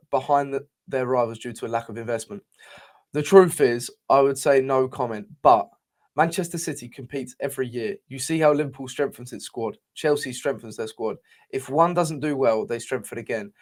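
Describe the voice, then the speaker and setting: A man co-hosting a football podcast, talking in an excitable, sweary, rambling way with many restarts. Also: mid-range voice. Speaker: podcast co-host. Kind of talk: casual football chat.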